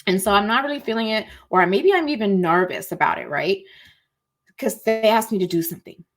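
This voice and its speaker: With a medium-pitched voice, lively intonation, and a brisk delivery, a woman runs an online masterclass about emotions from her cozy home. She's chatty and informal, uses "y'all," and acts out feelings in tiny voices.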